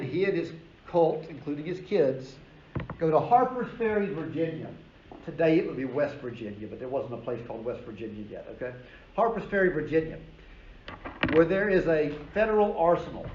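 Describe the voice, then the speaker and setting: A man's voice: a little high, fairly quick. Man lecturing with emphasis in a roomy hall. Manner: energetic, emphatic storytelling with casual asides. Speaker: history professor. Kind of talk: classroom lecture. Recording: roomy, dull lecture recording with faint noise.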